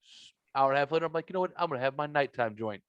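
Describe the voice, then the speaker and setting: A man's voice: on the high side, animated, racing, clear, resonant tone, dry recording, muffled recording. A man hosting a podcast, telling a rambling, profane story and acting out both sides of the conversations himself. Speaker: podcast host. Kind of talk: casual chat. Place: home basement room.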